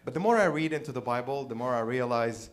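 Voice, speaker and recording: A man performing a stand-up routine, telling irreverent stories in an animated way. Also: mid-range voice, fast talker. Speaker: stand-up comedian.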